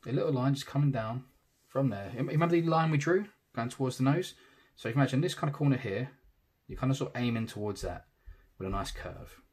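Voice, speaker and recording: Husky man talking through a drawing tutorial. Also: medium pitch, fast. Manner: casual, thinks aloud, trails off softly. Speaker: tattoo artist teaching digital drawing. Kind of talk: relaxed real-time drawing tutorial.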